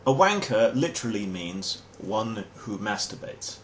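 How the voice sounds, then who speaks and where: A man's voice: on the low side, very animated, unhurried, slight background noise. An English man hosting a comic explainer monologue in a dry, wry, mock-formal manner. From England. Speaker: host.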